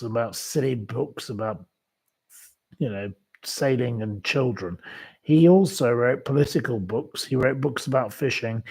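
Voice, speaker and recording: A man's voice: mid-range voice, a little mellow. A man hosting a live online quiz, chatting casually, rambling and calling out viewers by name. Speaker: livestream quiz host.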